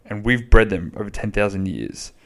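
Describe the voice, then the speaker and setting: A man's voice: lowish voice, moderate pace, vocal fry, fairly bright tone. A man, chatting casually and bluntly on his own podcast, rambling and swearing freely. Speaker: podcast host. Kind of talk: casual solo podcast chat.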